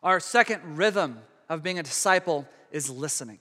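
Preaching in a large hall where a long reverb follows every phrase, a pastor talks through his sermon casually, with frequent restarts, at normal speed. His high, bright, ringing voice has lively intonation, rising for big moments and sinking almost to a hush for the quiet ones.

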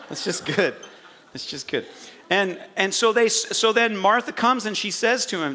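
A male pastor preaching a sermon, telling the story with animated energy and jokey asides. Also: high-pitched, unhurried.

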